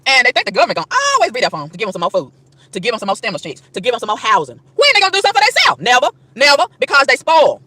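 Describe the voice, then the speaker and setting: Woman vlogger, outdoor park rant; high, bright, rapid-fire, emphatic and repetitive preaching delivery. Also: very animated, no echo. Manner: emphatic, repeats and stammers over words, rhetorical questions. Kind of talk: preachy street rant to camera.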